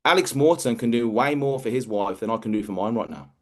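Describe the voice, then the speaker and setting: A man's voice: medium pitch, fast talker. A man delivering a motivational talk to his business team. He speaks with emphatic energy and a mid-range voice, and doubles back on words as he pushes each point. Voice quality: energetic, emphatic, repeats words while pushing ideas. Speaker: business mentor.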